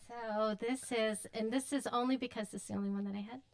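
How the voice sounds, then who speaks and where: A woman's voice: a little high, fairly even intonation, a little fast. A woman speaking as a podcast guest in casual chat, telling practical stories in a chatty way.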